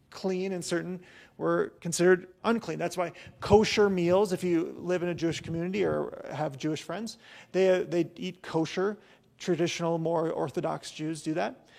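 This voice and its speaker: Man, pastor, casual sermon, storytelling with asides, fry in the voice. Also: high-pitched, darkish tone. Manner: chatty storytelling with personal asides. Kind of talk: conversational sermon.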